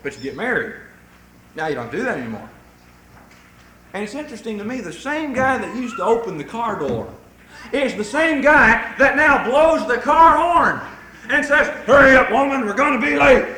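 A man preaching a sermon to a congregation, telling folksy stories in an animated way. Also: very high-pitched, moderate pace, pauses often, echoey room, noisy background.

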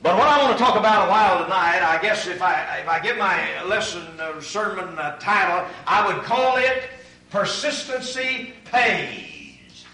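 Preacher echoing through a hall. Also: male voice, sits high, measured pace. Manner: builds to shouted emphasis, addresses crowd as ladies and gentlemen. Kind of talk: sermon. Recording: echoey hall, far from mic.

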